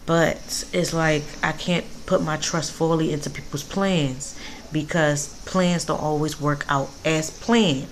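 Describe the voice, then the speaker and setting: Young woman, low voice, candid casual storytime straight to camera at home. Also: measured pace, a little hiss or hum. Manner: candid, chatty, occasional cursing. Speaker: vlogger. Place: home, indoors.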